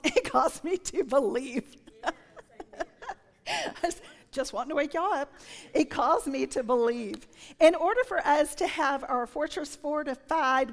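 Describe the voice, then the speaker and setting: A woman in her sixties delivers a sermon full of personal testimony, a slightly high voice, animated, dipping into whispers. Her words ring out with the long reverb of a big church hall. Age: 60s. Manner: animated storytelling, drops to whispers when quoting. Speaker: preacher.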